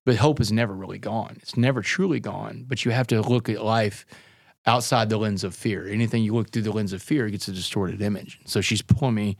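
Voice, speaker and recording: A man's voice: on the low side, steady tone, a little fast, gravelly, no echo, clean studio sound. A man guest on an interview podcast, telling his story in an earnest, intense way and often calling the listener "man" and "brother".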